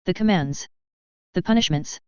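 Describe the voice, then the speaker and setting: An excitable young female house elf, shrill and dramatic, as a woman reading a story puts her on. The voice stays very smooth and clean, but the recording is dull and lo-fi. It sits in a dry room with no echo. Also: normal speed, close to an everyday voice. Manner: dramatic, wailing and fretful.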